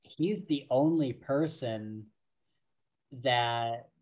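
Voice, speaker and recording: A man co-hosting a podcast, slowly and casually retelling book scenes with lots of fillers and restarts. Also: mid-range voice, darkish tone, lo-fi sound. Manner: slow, rambling retelling full of fillers. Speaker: podcast co-host.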